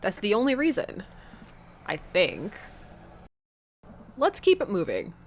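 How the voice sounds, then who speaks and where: A woman's voice: mid-range voice, wildly swooping pitch, takes it slowly, slight background noise. A woman streaming a dating game, reading the story aloud with playful, giggly asides. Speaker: let's-play streamer.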